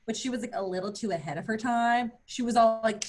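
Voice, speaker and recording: A woman in her thirties doing stand-up comedy with a fairly high voice. She tells crude, playful stories and keeps leaping into squeaky mock voices for her punchlines. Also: fast, a little mellow. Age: 30s. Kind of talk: virtual stand-up set.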